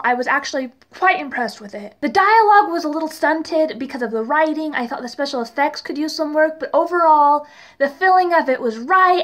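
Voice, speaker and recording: A young woman talks through a TV episode in a casual vlog, her voice sitting high and bright. She rambles in a chatty way and stacks up "really" again and again. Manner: chatty, leans heavily on "really". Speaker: TV review vlogger.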